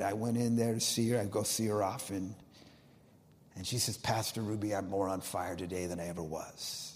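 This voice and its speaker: A man preaching as pastor of a church, telling a story with emphasis and swinging between loud and quiet delivery. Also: mid-range voice. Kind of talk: sermon. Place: church sanctuary. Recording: long reverb of a large church hall.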